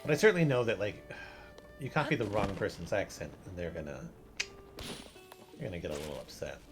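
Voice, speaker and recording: A man's voice: deep voice, fairly quick. A man streaming a video game, chatting casually, laughing often and swearing now and then. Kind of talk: casual gameplay commentary. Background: game music.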